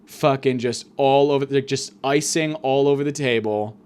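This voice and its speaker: A man's voice: medium pitch, moderate pace, darkish tone, smooth. A young man telling a crude, rambling comic story as a podcast host.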